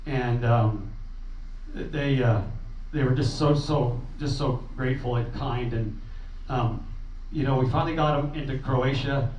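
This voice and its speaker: A man's voice: medium pitch, a little mellow. A man telling a meeting audience about a refugee relief trip, earnest and rambling, with fillers and restarts. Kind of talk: informal talk to a meeting audience. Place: meeting room. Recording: roomy, distant, dull sound with faint noise.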